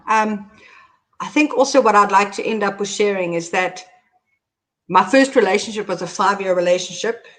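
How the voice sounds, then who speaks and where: A middle-aged woman, hosting and candidly telling her own story, animated as she recounts events. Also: mid-range voice. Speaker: host.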